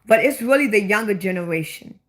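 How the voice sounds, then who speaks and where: A woman's voice: mid-range voice, expressive, brisk. A woman with a Baltimore accent, chatting bluntly and at length on her own livestream, often repeating her questions for emphasis. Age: older than 25. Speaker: livestream host. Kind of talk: casual livestream chat.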